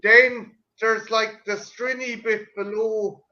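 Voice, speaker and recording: An Irish man with a high, bright voice talks in loose chat, tripping over his own words and cursing as he goes. The sound is dull and lo-fi. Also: little pitch movement, takes it slowly. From Ireland. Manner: profane, stumbling restarts. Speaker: podcast co-host. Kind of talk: casual chat.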